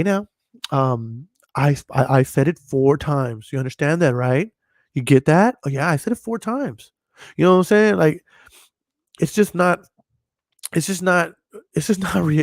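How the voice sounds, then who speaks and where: A man with a slightly high voice hosts a podcast, speaking bluntly and swearing freely. He rambles, restarting his sentences over and over. The sound is close and dry, with no room around it. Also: dry recording. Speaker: podcast host. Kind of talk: casual chat.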